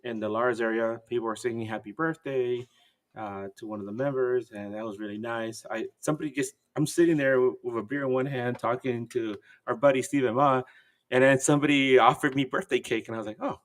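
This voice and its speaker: A man co-hosting a podcast about a football team, talking in a loose, rambling way. He tells his stories with energy and lifts his voice sharply when he acts out what other people said. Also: fairly quick. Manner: animated storyteller, acts out quotes in a high voice. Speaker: podcast co-host. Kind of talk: casual chat.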